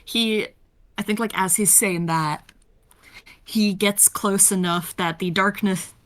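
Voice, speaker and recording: A woman acting as game master who narrates the scene and calls for dice rolls in a relaxed, playful way. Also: medium pitch, slow.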